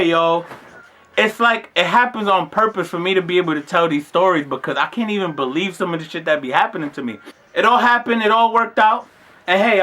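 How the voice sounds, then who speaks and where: A man telling a comedic story casually on his vlog. He talks in a slangy, animated way, swears freely and bursts into shouts when he acts out scenes. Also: high-pitched. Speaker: vlogger.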